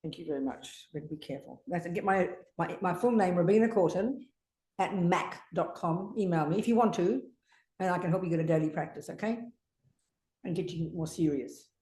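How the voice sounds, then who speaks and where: A woman's voice: fairly low pitch, a little fast, warm tone. Blunt, swearing older woman teacher. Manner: brusque, confrontational, swears freely. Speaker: Buddhist teacher. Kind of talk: blunt teaching exchange with a student. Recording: echoey teaching room.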